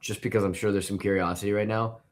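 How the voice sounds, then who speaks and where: A man co-hosting a casual podcast discussion, asking questions haltingly and rephrasing them partway through. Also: fairly low pitch, fairly even intonation. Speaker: podcast co-host.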